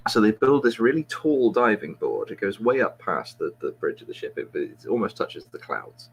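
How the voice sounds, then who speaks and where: A man's voice: lowish voice, very animated, moderate pace, gravelly, few pauses, slight background noise. A man, a podcast host, telling a long joke in a rambling, self-mocking way with many restarts.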